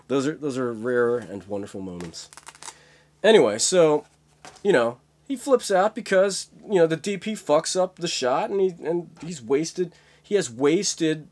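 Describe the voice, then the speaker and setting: Rambling young man, lively pitch. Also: measured pace. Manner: rambling, many fillers, profane. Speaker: vlogger. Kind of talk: casual rambling monologue.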